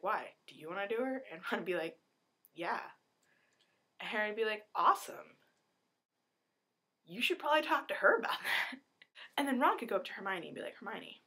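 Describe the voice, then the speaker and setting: A young woman vlogging in a rambling, animated way, swearing and acting out characters in quick asides. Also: medium pitch. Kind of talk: rambling casual vlog.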